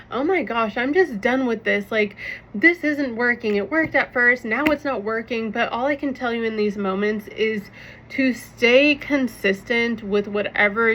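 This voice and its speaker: Young woman, kinda high voice, earnest heart to heart vlog talk, lots of "like", bit muffled audio. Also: pushed and bright. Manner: earnest, frequent "like" and "right?". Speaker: vlogger sharing personal healing story. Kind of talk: casual heartfelt talk to camera.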